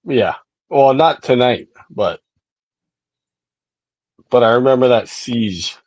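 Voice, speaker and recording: A man's voice: mid-range voice, animated, takes it slowly, a little mellow, dry recording, poor audio. A man making casual asides to the host while watching along.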